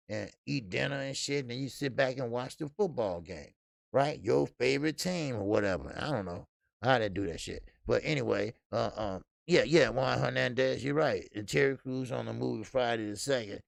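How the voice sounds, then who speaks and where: Gravelly man riffing live on boxing. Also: mid-range voice, brisk, no echo, clean studio sound. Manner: loose, profane, talks to the chat. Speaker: boxing show host. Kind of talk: casual live-stream commentary.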